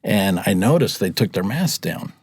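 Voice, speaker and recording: A chatty man in his fifties with a fairly low voice tells stories in a casual, laughing way. He acts out what people said, and the sound is dry and close. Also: sing-song, moderate pace, a little mellow, breathy edge, no room sound. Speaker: podcast guest, rideshare driver. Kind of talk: casual storytelling.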